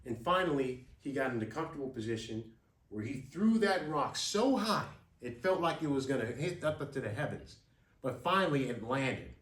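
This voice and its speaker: A man telling a story with drama and vivid detail, his voice lively and moving widely. He sits somewhat high and sounds far off in an echoing room. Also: moderate pace. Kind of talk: storytelling speech. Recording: roomy, from a distance.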